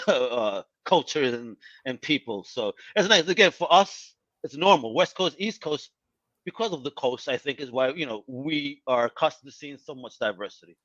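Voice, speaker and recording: A man from Puerto Rico hosting a casual interview podcast, enthusiastic and quick to laugh. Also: medium pitch, animated, fairly bright tone, lo-fi sound. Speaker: podcast host.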